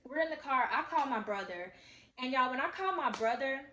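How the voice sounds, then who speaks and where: A woman's voice: high-pitched, animated, brisk, bright, forceful tone, slight background noise. A woman in her twenties, a vlogger telling a personal story in an earnest, confiding way and talking straight to her viewers. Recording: echoey room.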